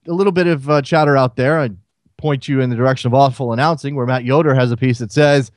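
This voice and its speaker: A man's voice: fairly high pitch, no echo, studio quality. A man hosting a solo sports talk radio show, firing rhetorical questions at listeners.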